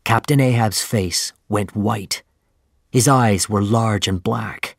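A man reading a story aloud in a measured, plain storytelling manner. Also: on the low side, vocal fry, breathy edge, no room sound, studio quality. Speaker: narrator. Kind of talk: scripted audiobook narration.

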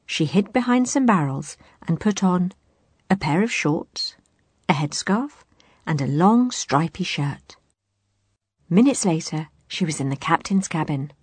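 Husky woman reading a children's storybook. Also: on the low side, a little slow, no echo. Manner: expressive, animated storytelling. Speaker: narrator. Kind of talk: children's storybook read-aloud.

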